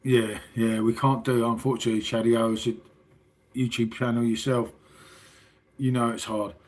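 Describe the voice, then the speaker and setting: A man's voice: mid-range voice, level tone, moderate pace, darkish tone. A middle-aged English man hosting a casual late-night livestream, chatting with viewers in a matey, sweary way. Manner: matey and sweary, calls everyone mate. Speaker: livestream host.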